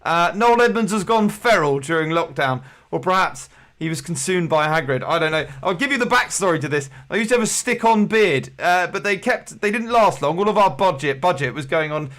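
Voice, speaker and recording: Male quiz host, slightly high-pitched, playful showman patter, rambling and comic. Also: animated, a little fast, a bit bright.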